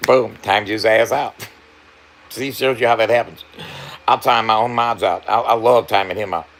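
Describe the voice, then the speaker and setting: A man's voice: fairly low pitch, fairly even intonation, moderate pace, a bit bright. A man livestreaming and talking loosely to his chat, swearing freely and laughing often. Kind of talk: casual livestream banter.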